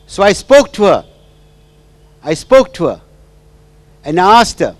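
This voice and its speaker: A man's voice: high voice, big pitch swings, moderate pace, long pauses, no echo. A man giving a storytelling talk as a marriage counsellor, who often checks in with the audience by asking "right?" and "hmm?". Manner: checks in with the audience through repeated "right?" and "hmm?", with sing-song asides. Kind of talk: storytelling lecture.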